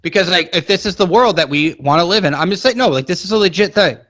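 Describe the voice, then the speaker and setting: A young man co-hosting a podcast, ranting in casual political banter. His voice sits a little high and climbs higher as he gets worked up. He throws in mock quotes along the way. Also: fast. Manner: animated, rants with rising pitch and mock quotes. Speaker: podcast co-host.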